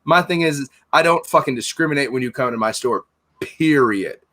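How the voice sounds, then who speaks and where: Casting: middle-aged man, forceful bright voice, profane and blunt, storytelling on a casual podcast. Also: medium pitch, a little fast. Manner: blunt, heated, swears constantly, acts out both sides of arguments. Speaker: podcast host, store owner.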